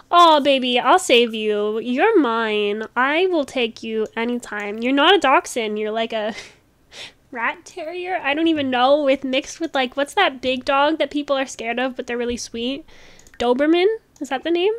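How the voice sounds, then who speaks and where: A woman with a high, bright voice chats through a casual gameplay video. She gushes and talks quickly, with easy laughter. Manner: bubbly, gushing, quick with laughs. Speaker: gaming channel host.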